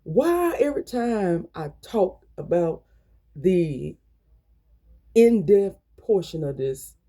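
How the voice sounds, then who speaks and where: A woman delivers a weekly motivational message like a sermon. Her voice is very dark and mellow, with a husky edge. She leans on repeated questions and draws out words for emphasis. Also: on the low side, sing-song. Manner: repetitive call-and-response, drawn-out emphatic phrases. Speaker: motivational speaker. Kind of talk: preaching motivational encouragement.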